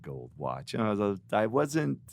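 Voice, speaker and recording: A middle-aged man, a guest musician, telling animated, rambling stories in a podcast interview. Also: fairly low pitch, a little slow, creaky. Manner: animated storyteller, rambling with restarts.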